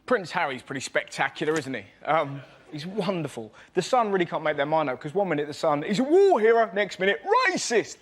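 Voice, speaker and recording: A man doing a lively stand-up routine on a TV panel show, bursting into loud silly voices for punchlines. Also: on the high side, fairly quick. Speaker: comedian panelist. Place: TV studio with live audience. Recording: noisy broadcast audio with audience laughter.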